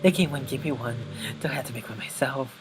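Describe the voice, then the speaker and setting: A man voicing an obsessive, lovestruck young woman from a video game in a soft, slightly menacing tone, with game music behind. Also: mid-range voice, brisk, close to an everyday voice, low-quality recording. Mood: wistful. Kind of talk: reading game dialogue aloud.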